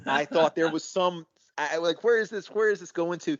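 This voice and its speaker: A man's voice: fairly high pitch, fairly quick. Easygoing male co-host, slightly dull audio. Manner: enthusiastic, easygoing analysis. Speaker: podcast co-host. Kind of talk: casual wrestling recap chat.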